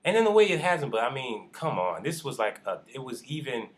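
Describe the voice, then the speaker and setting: Man, casual vlog chat, excited, gushing, middle pitch. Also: fairly quick, slight background noise. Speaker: vlogger.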